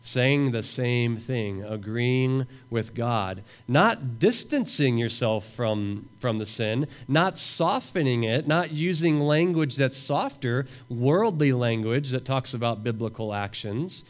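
A man's voice: mid-range voice, lively intonation, unhurried. A man preaching a sermon as a pastor at a camp, reading scripture aloud and voicing imagined prayers with earnest emphasis. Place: camp meeting room.

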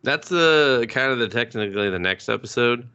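A man co-hosting a casual podcast, riffing crudely with lots of swearing and quick put-on quotes. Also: medium pitch, expressive, bright, forceful tone, smooth, highs cut off. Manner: crude, profane, mocks scenes with put-on quotes. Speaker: podcast co-host.

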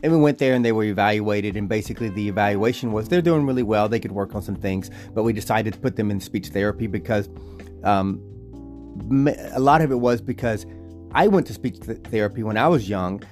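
A man's voice: lowish voice, fairly quick, soft background music. A man from Georgia, a father chatting casually on a family vlog, rambling at an easy pace. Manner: relaxed, rambling, with restarts. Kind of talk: casual chat.

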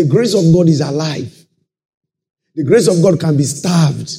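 Brief: male pastor, slightly high, warm tone, sermon with constant "praise the Lord" asides. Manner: peppers talk with "praise the Lord" and checks listeners follow. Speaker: preacher.

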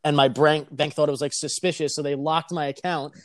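A young man telling a casual, profane story on a podcast, animated and laughing as he talks. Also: on the high side, fairly quick, no room sound, clean studio sound. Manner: animated, swears constantly, laughs mid-sentence.

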